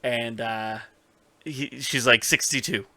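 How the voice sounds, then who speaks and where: A man co-hosting a podcast recap with a very bright, forward tone. The sound is close and dry. He tells the story with animated energy, swearing and slipping into the characters' lines, and his tone stays casual throughout. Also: medium pitch, measured pace, dry recording. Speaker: podcast co-host.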